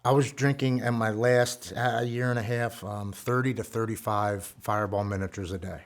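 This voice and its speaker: A man in his forties with a somewhat low voice tells his own story of struggle and recovery. His delivery is earnest and raw, heartfelt as he relives painful memories. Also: fairly even intonation, normal speed. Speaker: guest speaker sharing a recovery story. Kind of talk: personal storytelling.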